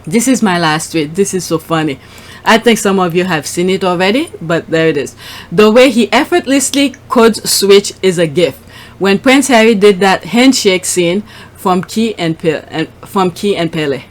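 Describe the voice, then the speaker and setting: A woman's voice: mid-range voice, animated, normal speed. A woman hosting her channel, giving casual commentary on clips and posts. She reacts aloud as she scrolls. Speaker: channel host.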